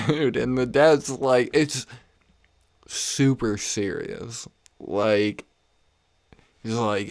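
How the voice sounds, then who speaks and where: A man's voice: medium pitch, extremely slow, long pauses, dry recording, clean studio sound. A young man hosting a casual comedy podcast, ranting with lots of swearing and laughing at his own stories. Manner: profane, rambling, laughs often. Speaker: podcast host. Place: home room.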